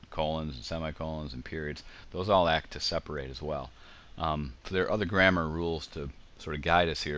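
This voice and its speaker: A man's voice: extremely low pitch, a bit bright. A man giving a casual grammar lecture over slides, explaining with examples and frequent ums. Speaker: teacher.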